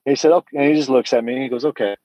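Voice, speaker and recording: A middle-aged man tells his own story with quiet earnestness, stumbling and restarting as he acts out the voices of others. His voice is mellow and dark, recorded close and dry with a slightly muffled, lo-fi sound. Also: medium pitch, steady tone, no room sound. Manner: earnest, halting storytelling with many restarts and acted-out dialogue. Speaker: guest telling his story. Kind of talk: candid personal testimony.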